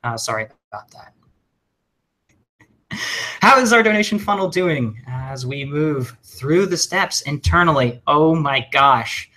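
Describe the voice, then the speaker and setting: A man giving a recorded webinar lesson, talking fast and casually with jokes and plenty of fillers. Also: on the high side. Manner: energetic, joking, conversational with many fillers. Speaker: webinar trainer.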